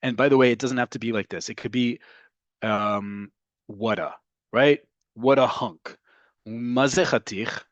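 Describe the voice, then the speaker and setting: A man teaching a casual online language lesson. He explains at length, checks in with "right?" all the time, and slows down to model phrases. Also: medium pitch, fairly even intonation, dry recording, highs cut off.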